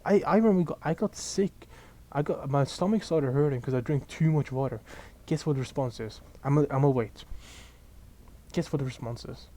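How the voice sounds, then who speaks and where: Mellow-voiced young man ranting. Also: medium pitch, moderate pace. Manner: profane, exasperated, animated storytelling. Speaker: vlogger. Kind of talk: casual ranting monologue.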